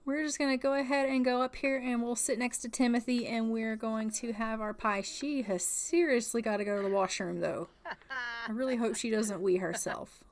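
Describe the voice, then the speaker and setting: A woman's voice: on the high side, moderate pace. A woman giving casual, chatty commentary on a life-simulation game, narrating what her characters do and playfully putting words in their mouths. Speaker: gaming channel host.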